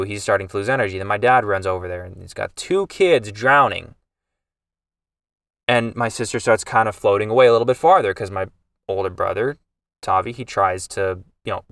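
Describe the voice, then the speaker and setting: A man's voice: fairly low pitch, gravelly, dry recording, far from the mic. A man hosting a podcast, telling an emotional family story in a rambling, casual way with many restarts. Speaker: podcast host.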